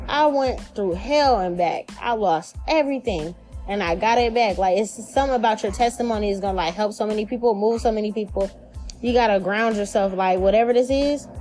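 A woman's voice: steady tone, moderate pace, a little mellow, soft background music. Chatty, slangy woman giving a spiritual reading. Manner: chatty, slangy, swears freely; acts out imagined voices with big pitch jumps. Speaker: tarot reader.

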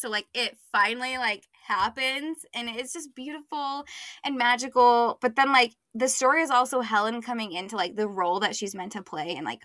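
On a podcast, a young woman co-hosting a casual book chat talks through a book she loved, chatty and full of fillers, acting out quotes as she goes. Her voice is bright and on the higher side, recorded dry and close with no room sound.

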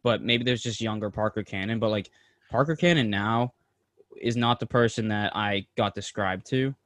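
A man co-hosting a podcast, telling a story in an excited, animated way with plenty of slang and swearing. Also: on the low side, moderate pace, no echo. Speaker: podcast co-host. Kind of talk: casual storytelling chat.

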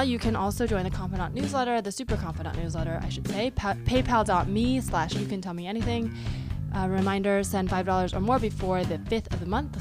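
A woman hosting a podcast in casual chat, rambling and upbeat, a bit hoarse as she loses her voice. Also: mid-range voice. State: losing her voice. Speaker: podcast host. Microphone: studio microphone at a desk.

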